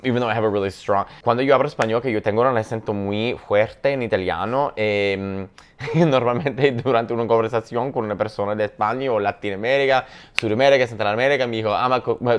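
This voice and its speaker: Smooth-voiced low man, chatty. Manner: playful, chatty, swears freely; switches languages mid-thought. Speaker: comedian reacting to a video. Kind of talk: casual reaction commentary.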